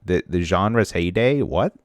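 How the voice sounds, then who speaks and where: A young man with a low, deep voice chats casually on a podcast, joking around and breaking into goofy, excited bursts. The sound is dry and close, with no room around it. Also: a little slow, dry recording. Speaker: podcast co-host. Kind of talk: casual chat.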